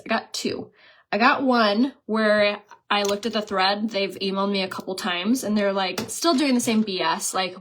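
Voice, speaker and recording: A young woman talks straight to her viewers in a casual vlog. She tells a story with lively, mocking asides and puts on voices for the people she quotes. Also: medium pitch. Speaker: beauty vlogger.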